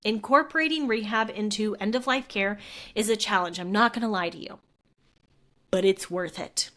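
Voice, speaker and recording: A woman's voice: medium pitch, moderate pace, fairly bright tone. Casting note: young adult woman, physical therapist host, earnest and heartfelt, casual solo podcast delivery, mid-range voice. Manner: earnest, heartfelt, conversational with frequent fillers. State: tearful at moments.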